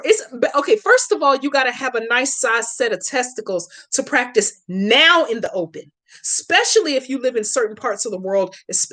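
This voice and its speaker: This fairly high, slightly bright female voice belongs to a hoodoo practitioner hosting a live Q&A. She's brash and profane with her viewers, guiding them through a spell step by step with slangy, forceful instructions in a casual tutorial-style stream.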